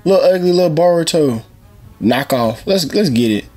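A young man giving excited, trash-talking commentary as he plays a fighting game. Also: a little high, normal speed. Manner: excitable trash talk, shouting at the screen. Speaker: gaming channel host. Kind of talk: live gameplay commentary. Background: game music.

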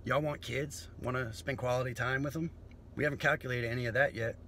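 A man's voice: medium pitch, steady tone, brisk, a bit bright, a little hiss or hum. A man comedian delivering a profane, philosophical monologue.

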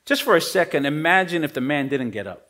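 Man, pastor, sermon, slightly high voice, casual slangy preaching, loud-to-soft swings. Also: animated, fast. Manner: swings between emphatic rises and quiet drops.

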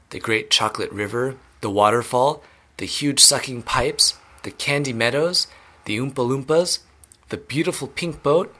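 A man reading a children's novel aloud clearly and steadily, as an English teacher. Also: medium pitch, sharp tone.

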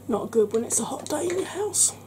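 A woman hosting a makeup tutorial, chatting in a rambling, conversational way and sometimes dropping into a soft whisper. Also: high voice, slight background noise, low-quality recording. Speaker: beauty channel host.

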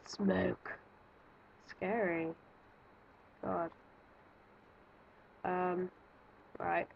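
A woman's voice: lowish voice, a bit bright, dull audio, a little hiss or hum. A woman giving nervous, jumpy let's-play commentary, thinking aloud and exclaiming as she plays. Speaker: gaming video creator.

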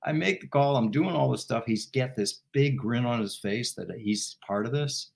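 A man who is a guest and former football team executive, telling an anecdote in an animated way and laughing as he goes. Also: mid-range voice, normal speed, vocal fry. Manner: animated, laughing while he tells it. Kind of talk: storytelling anecdote in interview.

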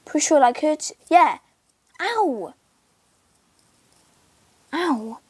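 A woman chatting casually through her gameplay video, excitable and yelping as she plays. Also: high voice, very slow, no echo. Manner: excitable, calls out and yelps while playing. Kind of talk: casual game commentary. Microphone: screen recorder mic.

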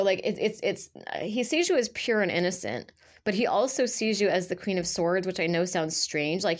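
A woman giving a casual tarot reading to her viewers, talking in a rambling, chatty way full of fillers. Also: a little high. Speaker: tarot reader.

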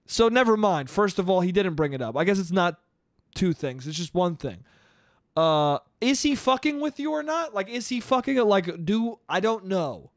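A man's voice: high voice, sing-song, moderate pace, no room sound, clean studio sound. A man hosting a solo podcast, telling a story in a rambling, profane way and laughing at his own jokes. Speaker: podcast host. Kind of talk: casual storytelling monologue.

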